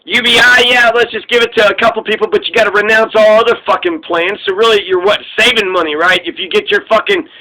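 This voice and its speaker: High, bright-voiced man ranting profanely. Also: steady tone, fast talker, few pauses, poor audio. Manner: rambling, profane, sarcastic. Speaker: political commentary host. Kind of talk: casual profane political rant.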